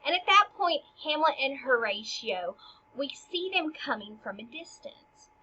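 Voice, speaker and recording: A woman's voice: high-pitched, big pitch swings, a little slow, bright, forceful tone, muffled recording, slight background noise. A woman teaching a literature lesson, paraphrasing casually and dropping into whispered asides.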